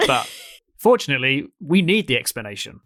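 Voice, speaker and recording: A man's voice: mid-range voice, sing-song, moderate pace, fairly bright tone. A man hosting a travel show, presenting in a chatty, jokey way. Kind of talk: casual presenting.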